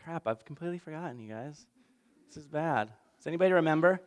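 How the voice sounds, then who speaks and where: A man's voice: fairly high pitch, lively intonation, fast. A man preaching a casual sermon recap in a conversational, self-deprecating way, acting out little voices. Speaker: pastor.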